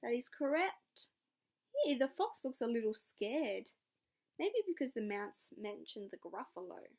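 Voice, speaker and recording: A young woman teacher giving a read-aloud lesson, her voice high and full of lively rises and falls. She questions the children and praises their answers. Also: unhurried, vocal fry. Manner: questioning, encouraging classroom talk.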